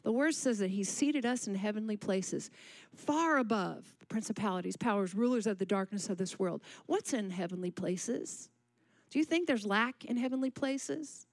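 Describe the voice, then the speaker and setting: A woman's voice: mid-range voice, normal speed, no room sound. A woman preaching a sermon at a church service, asking the congregation questions and calling for responses.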